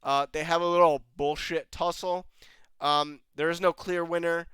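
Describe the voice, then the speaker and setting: A man's voice: fairly high pitch, fairly even intonation, normal speed, fairly bright tone, clear, resonant tone, no room sound. A man giving an angry, profane reaction rant as a show reviewer, laughing in disbelief between outbursts.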